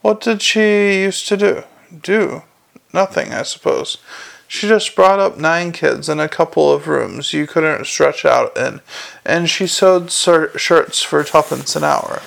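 A man voicing a gruff, weary police commander with a growling, clipped and forceful way of talking. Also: fairly high pitch, slow pace, exaggerated voice. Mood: angry.

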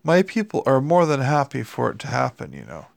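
A man's voice: medium pitch, wildly swooping pitch, fairly quick, vocal fry, no room sound, exaggerated voice. A man voicing a prim, fussy male angel with old-fashioned, prissy politeness in an audiobook reading. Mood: weary.

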